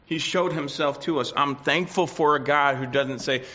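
A man preaching a sermon, swinging between loud declarations and quiet asides. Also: medium pitch, moderate pace, creaky, hardly any pauses. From United States. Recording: dull lo-fi recording.

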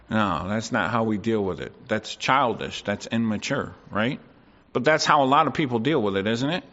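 A preacher delivers a sermon in a bright, forceful yet lowish voice with lively intonation at normal speed, often turning to the congregation for agreement. He acts out quoted voices as he goes. The recording sounds dull and lo-fi.

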